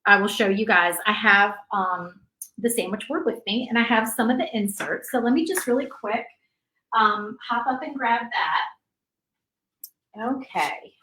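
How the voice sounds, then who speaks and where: Brief: woman craft host on a live stream, slightly high voice, roomy echo, emotional and chatty. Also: a little slow. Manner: chatty, warm, many fillers, tearful at times. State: emotional, near tears. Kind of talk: live-stream painting chat. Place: home craft room. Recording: echoey room.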